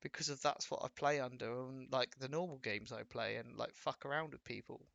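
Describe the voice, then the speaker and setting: Gravelly bright English man, rambling. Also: medium pitch, brisk, no echo, lo-fi sound. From Wiltshire, England. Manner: rambling, swears freely. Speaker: livestream host. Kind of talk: casual chat.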